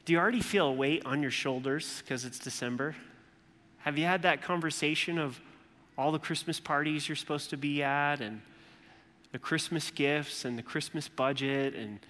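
Animated pastor preaching in a reverberant church hall. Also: male voice, a little high. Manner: animated, acts out quoted voices with humor. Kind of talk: sermon.

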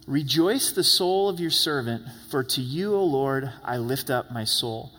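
Male pastor, earnest sermon delivery, slightly high voice, long hall reverb. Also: fairly bright tone. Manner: earnest, acts out quoted prayers and pleas.

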